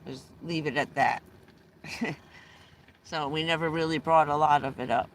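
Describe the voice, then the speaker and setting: A woman's voice: low voice, steady tone, moderate pace, slight background noise. Middle-aged woman rambling through old stories. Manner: rambling, restarts often, laughs between anecdotes. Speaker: livestreamer. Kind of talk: casual storytelling on a livestream.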